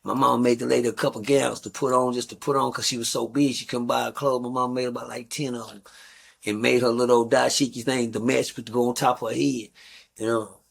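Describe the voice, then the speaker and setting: A man's voice: medium pitch, little pitch movement, fast talker, gravelly, husky. A middle-aged man, a guest on a talk show, telling rambling stories in a blunt, profane, casual way. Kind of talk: casual storytelling.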